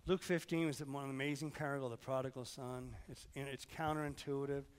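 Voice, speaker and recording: Hoarse man preaching in an echoing hall. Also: mid-range voice, fairly even intonation, quick pace. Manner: conversational preaching, questions to the congregation, swings from loud to hushed. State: hoarse, fighting sickness. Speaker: pastor. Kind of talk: sermon.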